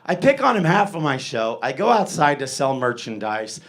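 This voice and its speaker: A man's voice: a little high, very animated, normal speed, a bit bright. A middle-aged man doing a stand-up set, rambling and profane, laughing at his own jokes. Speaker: stand-up comedian.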